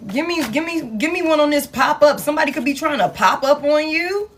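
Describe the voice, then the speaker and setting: Woman tarot reader, slightly high voice, casual, laughing, profane. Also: expressive, a little fast, hardly any pauses, a little hiss or hum. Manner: laughing, profane, playfully acts out quoted people. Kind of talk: casual tarot reading to viewers.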